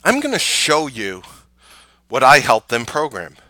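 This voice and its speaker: A man host recapping a trading day and pitching his course, emphatic and full of rhetorical questions. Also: huge pitch swings, unhurried, sharp tone, no room sound.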